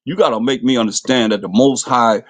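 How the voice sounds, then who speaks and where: A man's voice: a little fast, no echo. Fiery preacher man with a dry sound. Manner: impassioned, rhetorical questions, voice jumps high when mocking. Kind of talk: fiery street-style scripture sermon.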